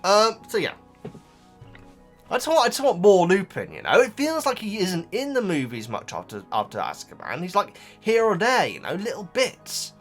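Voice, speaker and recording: Man, casual rambling chat, lively high voice, faint background music. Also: normal speed. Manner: rambling, many restarts and asides to viewers. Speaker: vlogger reacting to a book.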